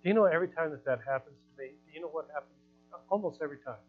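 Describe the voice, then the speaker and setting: A male pastor preaches in a relaxed, conversational way, acting out quotes and laughing at his own asides. His voice sits a little high for a man. The recording is dull and lo-fi, with faint music in the background. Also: very fast. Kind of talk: sermon. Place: church hall.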